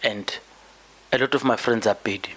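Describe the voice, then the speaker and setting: A South African man hosting a podcast delivers emphatic political commentary as a monologue, repeating words often as his point builds. He speaks at a moderate pace in a lowish, somewhat bright voice with fairly even intonation.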